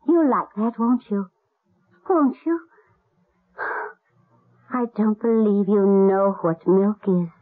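A soft, tearful lady; breathy, unhurried; thin old radio sound. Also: mid-range voice. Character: tender grieving lady of the house. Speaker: Lady Emily. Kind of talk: 1970s radio drama acting. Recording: tinny lo-fi old radio broadcast.

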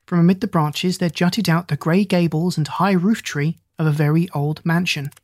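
An audiobook narrator reading a classic story in a steady, descriptive, formal manner. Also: medium pitch, normal speed, no echo, clean studio sound.

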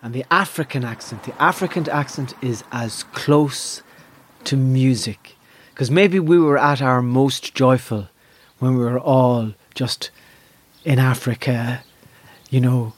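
A man's voice: mid-range voice, dry recording. A man with an Irish accent doing a stand-up routine, swearing freely and rambling from one thought to the next. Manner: profane, rambling, jumps into quick impressions. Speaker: stand-up comedian.

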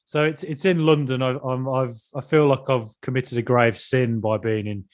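Male co-host, casual football chat, jokey and rambling, mid-pitched. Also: fairly even intonation, moderate pace. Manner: jokey, rambling, hesitant fillers. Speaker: podcast co-host.

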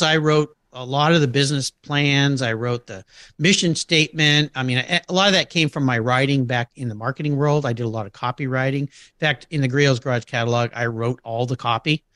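A man's voice: a little high, normal speed, sharp tone, no echo, clean studio sound. A middle-aged man telling anecdotes in a casual interview, acting out quoted voices and laughing often. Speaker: podcast guest.

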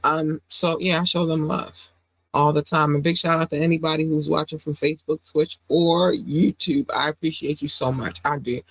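A woman's voice: sits low, steady tone, moderate pace, no echo. A woman hosting a casual podcast while sick with a sore throat and runny nose, talking emphatically and repeating phrases for effect. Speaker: podcast host.

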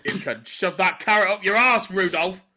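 A man's voice: high-pitched, moderate pace, pushed and bright, pitched below the performer's own voice, full character voice. A man doing a blustering, rude pub landlord. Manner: blustering, boastful.

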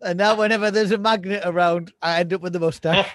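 A man's voice: high voice, steady tone, quick pace, fairly bright tone, slight background noise. A man co-hosting a podcast in casual chat, making dry, wry jokes and chuckling now and then. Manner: dry, wry humour, chuckles, a few stammers. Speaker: podcast co-host.

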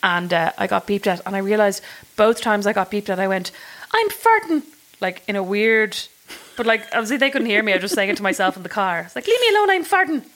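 Woman, podcast co-host, fast talker, self-mocking, casual chat. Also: medium pitch, fairly even intonation, a bit bright, poor audio. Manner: quick, self-mocking storyteller.

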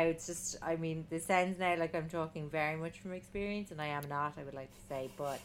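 A woman co-hosting a chatty podcast, her voice sitting on the low side. She rambles, restarts sentences and riffs on puns, laughing along the way. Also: fairly bright tone, a little hiss or hum. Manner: giggly, punning, rambling with restarts. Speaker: podcast co-host. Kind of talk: casual chat.

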